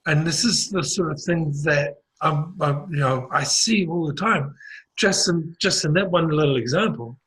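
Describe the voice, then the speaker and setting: A man's voice: fairly high pitch, moderate pace, a bit bright, breathy edge, low-quality recording. A man with a New Zealand accent chatting casually, telling a story in a rambling way with many restarts and fillers. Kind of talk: casual conversational chat.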